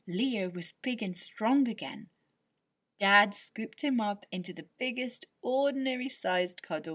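A woman with a breathy voice, gently and expressively narrating a children's bedtime story. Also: medium pitch.

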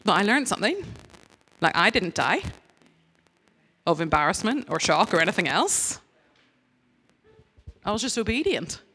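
A woman's voice: mid-range voice, big pitch swings, moderate pace, long pauses, bright, forceful tone, husky. A woman giving a conversational sermon as a church speaker, candid and self-mocking in her stories, earnest and direct in her appeals.

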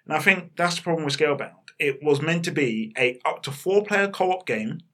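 A man co-hosting a casual gaming chat, talking fast and emphatic, swearing freely. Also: a little high, a bit bright. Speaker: podcast co-host.

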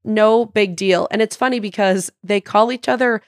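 A woman's voice: mid-range voice, normal speed, dry recording. Woman guest chatting, lots of "like", mid voice, dry mic. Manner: chatty retelling full of "like" and restarts. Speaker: podcast guest. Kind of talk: casual chat.

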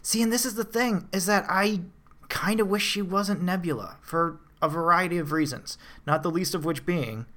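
A man's voice: sits high, moderate pace. Chatty man rambling about a film. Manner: animated, rambling with restarts and fillers. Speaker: podcast co-host. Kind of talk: casual film review chat.

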